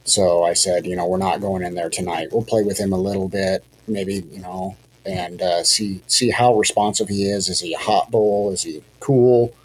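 On a podcast, a hunting guide with a low, deep voice tells a hunt story casually at a moderate pace, with hardly any pauses. He rambles, puts himself down, restarts, and keeps saying "you know" and "um". The low-quality recording has a faint hiss underneath.

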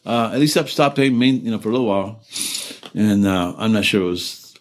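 A low, deep-voiced older man recounting his war service in a loose, meandering way. He swears freely, drops sentences halfway to start over, and breaks into laughter at the darkest moments. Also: fairly quick. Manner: rambling, profane, trails off and restarts; laughs through grim memories. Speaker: veteran interviewee. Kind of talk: oral history storytelling.

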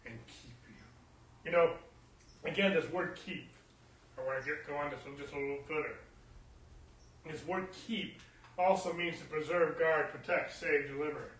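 A male pastor with a high, bright voice delivers a sermon that swings from hushed scripture reading to loud, emphatic calls. He stands off the microphone, and the sound carries a roomy church echo. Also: far from the mic, slight background noise. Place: church hall.

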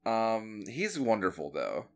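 A man's voice: lowish voice, very animated, slow pace. A young man co-hosting a casual podcast, chatting and laughing with lots of filler words. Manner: giggly, chatty with many "like"s. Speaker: podcast co-host. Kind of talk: casual chat.

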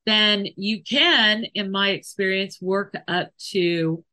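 A woman hosting a podcast about animal training talks slowly and carefully through her points. Her voice has a bright, clear edge, and she explains her ideas with examples, sometimes restarting a phrase. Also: medium pitch, steady tone. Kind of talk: casual explanatory podcast talk.

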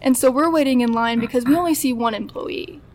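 A woman's voice: high-pitched, fairly quick. A woman in her twenties telling a story as a podcast guest, chatty and often acting out what people said. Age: 20s. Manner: chatty, acts out quoted dialogue, laughs often. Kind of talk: casual storytelling.

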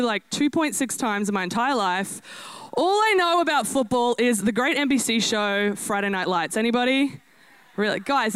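Energetic woman preacher, bright and clear. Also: fairly high pitch, dry recording. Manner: lively, self-deprecating, animated preaching. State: out of breath. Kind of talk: energetic sermon.

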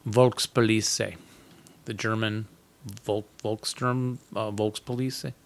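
A man's voice: medium pitch, lively intonation, normal speed. Regular guy talking movies, chatty, laughs a lot, mid voice. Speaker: podcast co-host. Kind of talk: casual chat.

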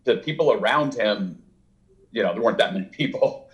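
A man's voice: on the low side, a little fast, muffled recording. A man speaking as an author guest in a casual interview, telling a long, rambling story and acting out what people said. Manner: rambling, animated, acts out quotes with laughs.

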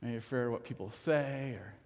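A man's voice: mid-range voice, fairly quick, a little mellow, big-room sound. A man in his thirties preaching a sermon, earnestly asking the congregation questions and often restarting his sentences. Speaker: pastor.

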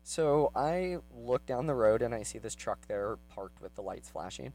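A man casually telling a personal story, rambling with many fillers and growing heated and quick as he retells his anger. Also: mid-range voice, lively intonation, warm tone, faint music behind, low-quality recording.

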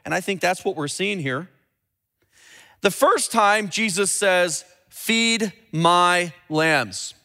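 A man preaching a sermon as a pastor, teaching earnestly and dropping low and slow when he quotes scripture. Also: pushed and bright. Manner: repeats and restarts words when building a point.

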